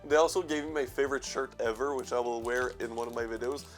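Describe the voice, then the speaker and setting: A man's voice: medium pitch, steady tone, quick pace, faint music behind. A young man hosting a casual vlog, stuffy from allergies, rambling, self-mocking, swearing and laughing as he goes. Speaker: horror movie channel host.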